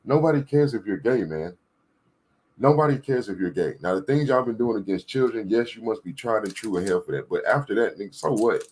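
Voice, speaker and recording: A man with a very low voice that carries a husky edge gives a political rant. He hammers points home by repeating them and keeps checking in with whoever is listening. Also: animated, fairly quick, darkish tone. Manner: emphatic, repetitive, preachy. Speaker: political commentator. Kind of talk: ranting commentary.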